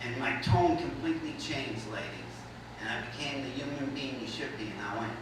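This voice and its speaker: A middle-aged male stand-up comedian telling a crude story in a deadpan way, with an audience laughing in the hall. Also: mid-range voice, normal speed. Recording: roomy, distant audience recording with noise.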